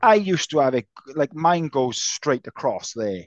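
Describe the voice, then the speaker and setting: A man's voice: on the high side, very animated, measured pace, no room sound. A man co-hosting a podcast, talking casually and teasing his co-host, with the odd swear word. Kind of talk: casual chat. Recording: slightly dull lo-fi sound.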